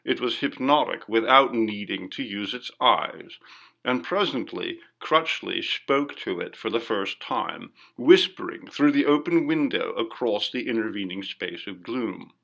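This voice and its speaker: A man reading a classic ghost story aloud in measured, dramatic narration. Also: lowish voice, animated, vocal fry, a bit bright. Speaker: audiobook narrator.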